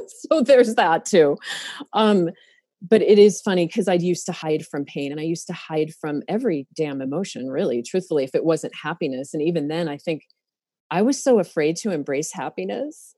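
A middle-aged woman talking casually on a podcast. Her voice is mellow and lowish, close and dry on the mic. She speaks openly and emotionally, full of fillers and restarts. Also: animated, fairly quick, slightly rough, dry recording. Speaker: therapist.

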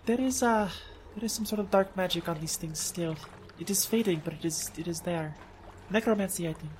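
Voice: medium pitch, a little fast, slight background noise. Matter-of-fact tabletop player. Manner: matter-of-fact, describes actions. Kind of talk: casual tabletop game chat.

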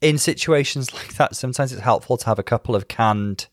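A man co-hosting a podcast in a casual chat, with dry, wry humour and measured commentary. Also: mid-range voice, no echo. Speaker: podcast co-host. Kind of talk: casual chat reviewing a show.

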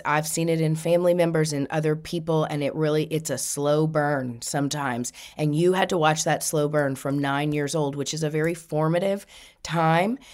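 A woman's voice: deep voice, darkish tone. A woman host giving a spiritual reading, passing on messages with frequent laughter. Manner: relays messages in quotes, laughing often. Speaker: psychic medium.

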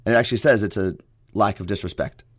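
Chatty radio co-host, dry studio sound. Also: male voice, fairly low pitch, no room sound. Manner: joking, quick and chatty. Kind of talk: casual radio banter.

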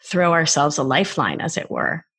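A woman in her forties with a low, breathy voice talks through a casual podcast conversation. She is animated and expressive, and her tone stays soft and airy. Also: normal speed. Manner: animated, acts out child voices in quotes. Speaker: guest, wellness expert.

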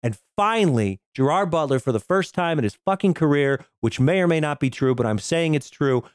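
A man hosts a casual comedy movie podcast with a slightly raised pitch. He rambles and jokes, swearing freely. The sound is dry and close. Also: expressive, fairly quick, smooth, dry recording. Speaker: podcast host.

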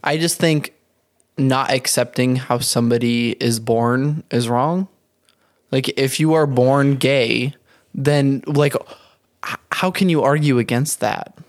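A man's voice: mid-range voice, slow pace, no room sound, studio quality. A young man talking animatedly in a casual podcast chat, with lots of filler words. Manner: animated, talks in bursts with many fillers.

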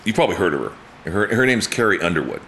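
A man's voice: fast, vocal fry, slight background noise. A man in his fifties telling stories in a casual chat, acting out quotes and laughing often. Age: 50s. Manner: animated storyteller, acts out quotes with big pitch jumps, laughs often. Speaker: guest.

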